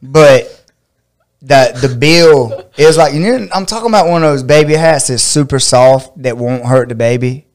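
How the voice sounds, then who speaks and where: Guy from georgia, middle-aged, chatty and laughing, smooth clear voice. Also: moderate pace. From Georgia, USA. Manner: animated, laughing, acts out quotes in a high voice. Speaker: podcast host and fight coach. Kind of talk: casual storytelling chat.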